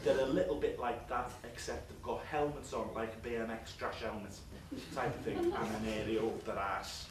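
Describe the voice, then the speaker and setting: A man's voice: mid-range voice, flat delivery, moderate pace, noisy background. A male stand-up comedian, telling a crude, rambling comic story with chatty asides to a live audience. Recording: echoey live room, distant mic.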